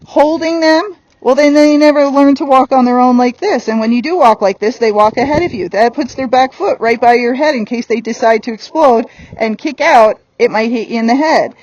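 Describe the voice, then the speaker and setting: A woman's voice: sits high, a little mellow, dry recording, rough recording. A woman horse trainer giving a hands-on lesson while working a horse on the ground, blunt and firm.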